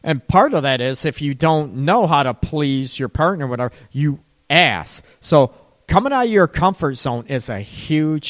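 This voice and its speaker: A middle-aged man giving casual, rambling relationship and sex advice, now and then acting out worried voices. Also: medium pitch.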